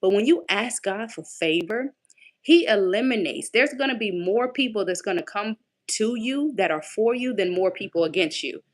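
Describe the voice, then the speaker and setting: A woman's voice: mid-range voice, normal speed. Chatty, preachy faith-coach woman. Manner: lively, conversational, preachy. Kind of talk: casual inspirational talk.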